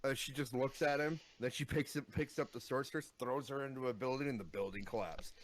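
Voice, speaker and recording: A man co-hosting a podcast in casual chat, blunt and swearing freely, recounting scenes with bursts of excitement. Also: medium pitch, fairly quick. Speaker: podcast co-host.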